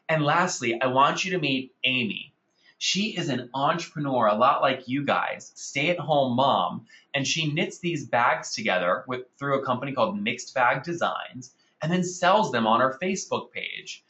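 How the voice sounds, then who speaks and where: An energetic man leads an online marketing webinar, pitching results to his audience. His voice is bright and forceful. The audio is dull and lo-fi, with an echoey room around him. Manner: energetic, salesy, addresses audience as guys. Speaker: webinar host.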